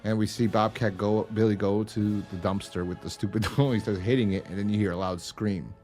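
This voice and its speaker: Soft music plays behind a fairly quick, slightly mellow, lowish male voice with fairly even intonation. Co-hosting a casual podcast, he rambles and swears through a TV episode recap, shouting out lines as he acts them.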